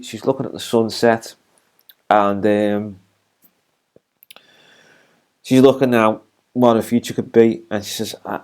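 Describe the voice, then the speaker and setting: A man talks through a TV episode in an unscripted review. His voice sits at an ordinary male pitch, and he rambles along with plenty of ums and false starts. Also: darkish tone. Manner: rambling, with many fillers and restarts. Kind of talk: unscripted spoken episode recap.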